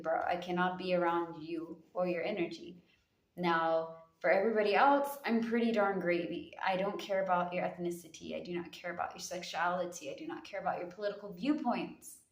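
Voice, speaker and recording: A woman giving a casual tarot reading in a sassy, slangy way, calling her listeners honey. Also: lowish voice. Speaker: tarot reader. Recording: echoey room.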